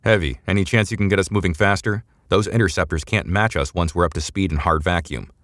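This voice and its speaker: A man voicing a tough, weary male starship captain who talks in a gruff, exasperated way. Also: deep voice, quick pace, fairly bright tone, no echo, studio quality. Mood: urgent.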